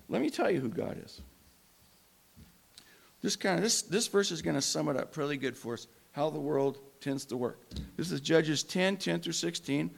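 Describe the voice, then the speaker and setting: A man preaching a sermon with passion, swinging between loud emphasis and hushed, quiet moments. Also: on the high side, creaky. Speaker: pastor.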